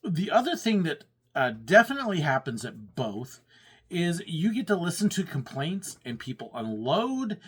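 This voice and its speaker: A man who once worked as a pastor and at theme parks, telling stories casually with frequent laughs and acted-out complaints. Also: mid-range voice. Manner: chatty, laughs often, acts out quoted complaints. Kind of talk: casual storytelling monologue.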